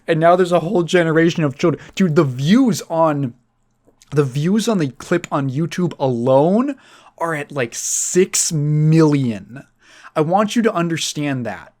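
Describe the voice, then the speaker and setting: A man's voice: on the high side, expressive, a little slow, darkish tone. Rambling, laughing podcast host, a man. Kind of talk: casual chat.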